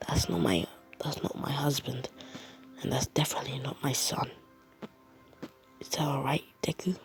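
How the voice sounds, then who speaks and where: A man voicing a caring aunt who lectures her nephew gently, in a soft, hushed way. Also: medium pitch, steady tone, moderate pace, vocal fry, in a whisper, faint music behind, natural voice. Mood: urging. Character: caring aunt, older woman, gently moralizing.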